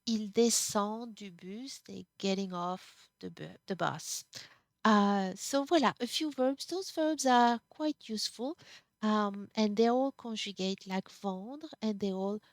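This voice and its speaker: A woman teaching a language class, explaining slowly and patiently, sometimes restarting words. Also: mid-range voice, no room sound, clean studio sound. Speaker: French teacher. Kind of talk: classroom lesson.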